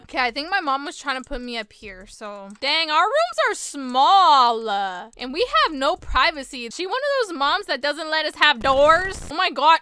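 A young woman chatting excitedly through a game, full of gasps and laughs. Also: sits high, unhurried, hardly any pauses, a little hiss or hum. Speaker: gaming YouTuber. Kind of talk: playthrough commentary.

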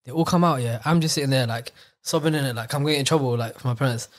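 A young man, co-hosting a casual podcast and telling stories in an animated, slangy way. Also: mid-range voice, very fast. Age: 20s. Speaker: podcast co-host. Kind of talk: casual chat.

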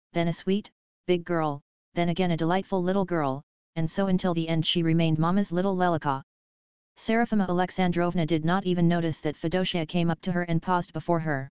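A woman narrating an audiobook in a measured, even storytelling manner, close to the mic. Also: fairly low pitch, clear, resonant tone, no room sound, lo-fi sound. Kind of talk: scripted narration.

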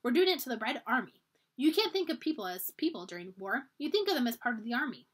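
A woman's voice: on the high side, big pitch swings, quick pace, husky. A woman voicing a determined, scheming young girl at camp, talking earnestly and urgently while reading a children's storybook aloud.

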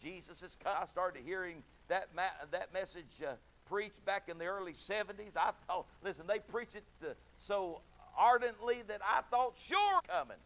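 Preaching an evening sermon with passion, a middle-aged man whose voice sits high moves from soft to loud while voicing pleading characters. He speaks at a moderate pace with few pauses.

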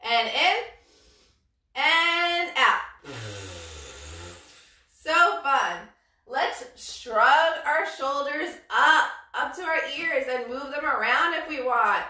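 High-pitched woman leading kids' yoga. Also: slow pace, bright, forceful tone. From Brooklyn. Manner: cheerful, encouraging, sing-song cues. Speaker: yoga instructor. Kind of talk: live-streamed kids' yoga class. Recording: roomy echo, mic at a distance.

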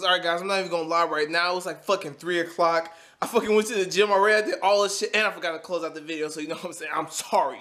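A young man vlogging casually to camera about his gym day and meals, crude and joking, with sudden loud shouts. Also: a little high. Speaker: fitness vlogger. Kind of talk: casual vlog chat to camera. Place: gym and home.

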